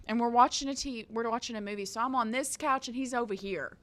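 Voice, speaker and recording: Bright, lively woman storyteller. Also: fairly high pitch, quick pace, hardly any pauses, slight background noise. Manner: animated, laughing through her story. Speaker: podcast co-host. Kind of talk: casual storytelling.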